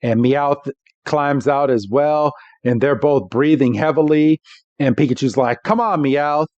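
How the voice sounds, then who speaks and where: A man co-hosting a podcast, recapping a cartoon episode in an animated, laughing way. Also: mid-range voice, measured pace, dry recording, dull audio. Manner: animated, laughs between lines. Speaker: podcast co-host.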